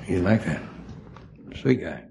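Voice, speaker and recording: Gravelly older man spinning yarns. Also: low-pitched, very animated, takes it slowly, warm tone. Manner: rambling storyteller, acts out quotes. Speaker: guest actor. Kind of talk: casual anecdotal interview.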